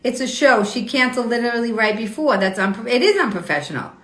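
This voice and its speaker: Host type: bright, rather high woman, riled up, defending herself to viewers in an echoey room. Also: expressive, fast. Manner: indignant, argumentative, repeats herself. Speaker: host of a weekly live show. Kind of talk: Instagram live stream, reading and answering comments.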